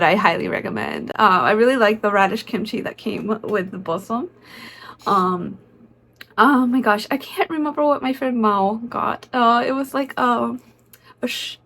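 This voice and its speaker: Woman vlogger, slightly high voice, excitable and chatty, casual narration full of fillers. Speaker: concert vlogger.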